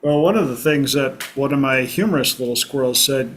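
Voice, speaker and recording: A man hosting a casual group discussion, talking in a reflective way and pausing often to find his words. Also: medium pitch, a bit bright. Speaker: host.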